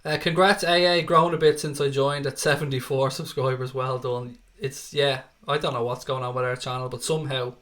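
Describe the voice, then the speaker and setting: A man's voice: medium pitch, level tone, brisk, few pauses, a bit bright. A man from Dublin with an Irish accent, hosting a live football watchalong, chatting casually, swearing freely and reading viewer comments aloud between bits of match commentary. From Ireland. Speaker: livestream host.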